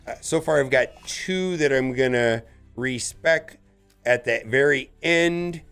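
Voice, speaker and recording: A man giving casual commentary on his own gameplay as a channel host, chatty and quick to get loudly excited. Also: medium pitch, smooth, faint music behind. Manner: chatty, gets loudly excited over good rolls.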